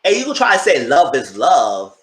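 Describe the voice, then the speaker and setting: A man chatting through a TV episode recap, talking directly to his viewers. His pitch swings a lot as he tells the story. The voice bounces around an echoey room. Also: wildly swooping pitch, moderate pace, a bit bright. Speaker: TV show reviewer. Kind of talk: casual recap commentary.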